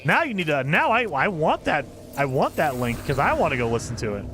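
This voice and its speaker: A man's voice: fairly high pitch, sing-song, brisk, noisy background. A man streaming a video game, chatting casually and rambling with enthusiasm, often laughing at himself. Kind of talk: casual chat while gaming.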